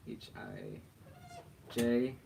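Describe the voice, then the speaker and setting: A man leads a laid-back livestream lesson on a made-up alphabet, speaking very slowly. He is playful and laughs easily between letters. Faint background noise sits under his voice. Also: medium pitch, huge pitch swings, creaky, warm tone. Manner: slow, playful, often laughing. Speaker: teacher of an invented alphabet.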